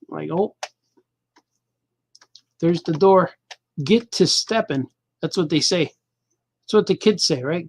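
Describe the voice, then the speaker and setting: A man's voice: a little high, a little slow, long pauses. A middle-aged man hosting a casual show as a cartoonist, rambling and joking loosely, half talking to himself while he draws. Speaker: cartoonist and podcast host.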